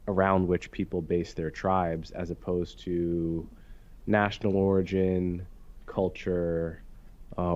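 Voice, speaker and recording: A young man, an author and interview guest, talks in a thoughtful, measured way and often restarts phrases while he reasons. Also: low voice, dark tone. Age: young adult. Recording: dull lo-fi sound.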